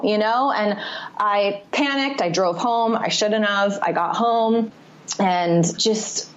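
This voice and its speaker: A woman's voice: mid-range voice, slow. Candid woman telling her recovery story. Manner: confessional, rambling, frequent "like" fillers. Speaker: podcast guest. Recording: slightly muffled podcast audio.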